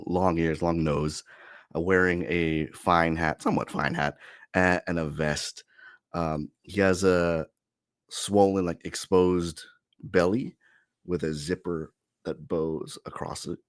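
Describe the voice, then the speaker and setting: A man narrating a tabletop game as game master, relaxed and rambling with fillers. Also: sits low, slow pace, dry recording, clean studio sound.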